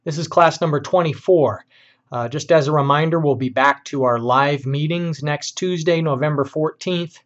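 A male engineering professor giving a recorded class lecture, explaining problems in a measured way with frequent fillers and pauses. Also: fairly high pitch, a bit bright, lo-fi sound.

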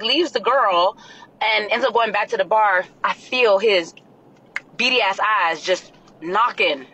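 A woman telling a story straight to camera in a lively way. At times she bursts into screams. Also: medium pitch, a little hiss or hum, poor audio.

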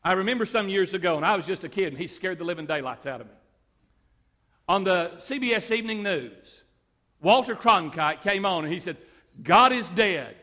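A man preaching a sermon as pastor, moving between loud declarations and quiet stories. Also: high voice, lively intonation, brisk, long reverb tail. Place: church sanctuary.

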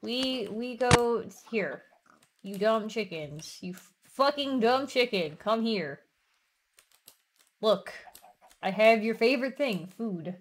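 A woman's voice: a little high, lively intonation, takes it slowly, pauses often, a little hiss or hum. A woman streaming a game with friends, exasperated and swearing as she coaxes animals along in casual chat.

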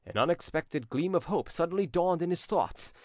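Man reading a classic audiobook, lively swoopy delivery, dry close sound. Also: a little high, normal speed, no echo. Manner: dramatic, expressive reading. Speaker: audiobook narrator. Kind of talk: scripted narration.

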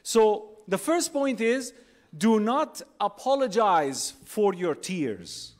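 A high-voiced man preaches to a packed convention hall. He talks with animated energy, throws questions at the crowd and acts out little quotes along the way. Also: slow. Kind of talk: religious talk to a live audience. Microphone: holding a phone and a mic on stage.

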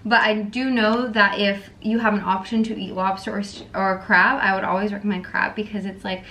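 A woman's voice: medium pitch, level tone, brisk, pushed and bright, slight background noise. A young woman vlogging in a casual, rambling way, chatting as she eats and filling her talk with "like". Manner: chatty and rambling, talks with her mouth full, many "like"s. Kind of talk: casual chat while eating. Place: parked car.

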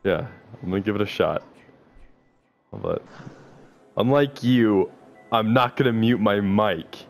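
A man's voice: on the low side, slow pace, gravelly, soft background music. A man chatting casually during an online game, teasing his friend and laughing a lot. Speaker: gamer. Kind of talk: casual gaming chat.

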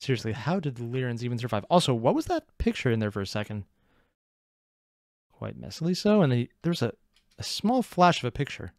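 A man's voice: medium pitch, fast talker, no room sound. A man hosting a casual reaction video, joking and sarcastic as he comments. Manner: animated, sarcastic asides, laughs at own jokes. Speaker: reaction channel host.

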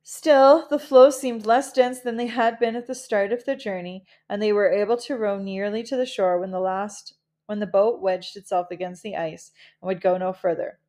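A woman reading a children's novel aloud in a gentle, measured storytelling manner. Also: medium pitch, steady tone. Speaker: audiobook reader.

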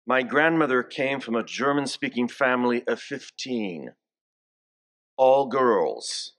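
A bishop in his sixties delivers a homily in church, his medium-pitched voice fairly bright with lively intonation. He preaches slowly, telling family stories and coaxing the congregation into repeating greetings.

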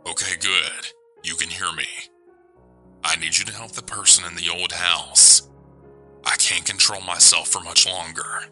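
A man voicing a sinister male stranger who speaks in a slurred, deep voice over a radio, low and quiet. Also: level tone, measured pace, soft background music, full character voice. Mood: menacing.

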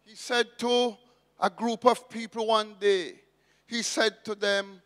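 A man's voice: high-pitched, flat delivery, takes it slowly, fairly bright tone, long reverb tail. A man preaching a sermon as pastor, emphatic and repeating his key phrases.

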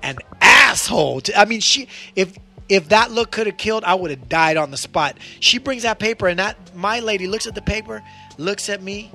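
A man hosting a podcast, telling a road story in a casual, animated way and swearing freely. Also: high-pitched, moderate pace, vocal fry, faint music behind. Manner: animated, acts out voices in his stories, swears freely. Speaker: podcast host.

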